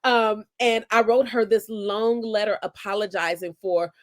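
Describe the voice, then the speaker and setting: A woman's voice: mid-range voice, steady tone, a little slow. A woman in her forties, a guest author in an interview, with a mid-range voice. She tells personal stories in an earnest, reflective way and often restarts her sentences. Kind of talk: conversational interview.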